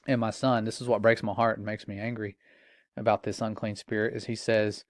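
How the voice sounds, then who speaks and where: A man's voice: on the low side, little pitch movement, brisk, no echo, studio quality. A middle-aged man giving an earnest, grave Christian warning in a commentary.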